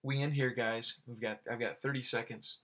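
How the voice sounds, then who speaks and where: A man's voice: mid-range voice, steady tone, normal speed, a bit bright. A man giving a casual, earnest Bible devotional, talking conversationally with many restarts and putting direct questions to the listener. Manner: conversational, full of "you know" and restarts. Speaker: Bible teacher.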